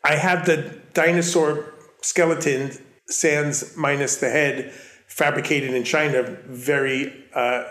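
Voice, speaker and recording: A man's voice: on the high side, level tone, takes it slowly, a bit bright. Middle-aged man with a Long Island accent, artist guest who rambles and self-corrects, recorded in an echoey room. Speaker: artist and curator, interview guest. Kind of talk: casual interview conversation. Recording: roomy echo.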